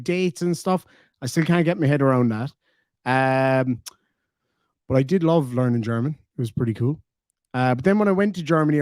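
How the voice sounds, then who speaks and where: A man's voice: medium pitch, a little mellow, no echo, studio quality. An Irish man hosting a casual livestream, reading super chats aloud and bantering with a lot of swearing and laughter. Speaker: livestream host.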